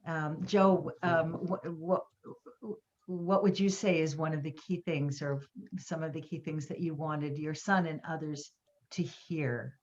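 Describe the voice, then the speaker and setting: A moderator asking the guests questions in a gentle, halting way. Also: medium pitch, fairly even intonation, dull audio. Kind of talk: interview moderating.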